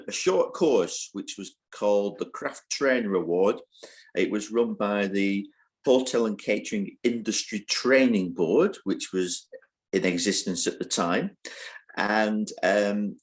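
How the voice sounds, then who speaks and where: An older man answering interview questions, thoughtful and hesitant, with frequent fillers. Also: on the low side. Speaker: interview guest, university training head.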